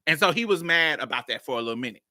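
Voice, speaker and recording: A woman podcast host telling a personal story in a blunt, profane, animated way. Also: low-pitched, racing, dry recording, clean studio sound. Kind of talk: casual storytelling.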